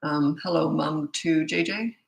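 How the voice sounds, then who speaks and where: A woman's voice: sits low, unhurried, vocal fry, roomy sound, low-quality recording. Blunt, tired-voiced woman parenting coach. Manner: blunt, casual, loses track mid-thought. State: losing her voice. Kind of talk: live Q&A, answering viewer questions.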